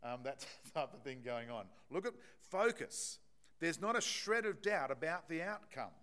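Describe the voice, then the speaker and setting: A man's voice: mid-range voice, expressive, moderate pace, sharp tone. A man preaching a sermon to his congregation, talking in a conversational, emphatic way with frequent restarts and fillers.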